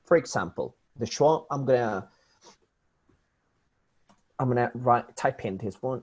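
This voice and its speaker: A man speaks slowly and deliberately in a husky voice, teaching English pronunciation. He repeats example words again and again and often breaks off and restarts his phrases while he explains. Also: mid-range voice, highs cut off. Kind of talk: online English pronunciation lesson.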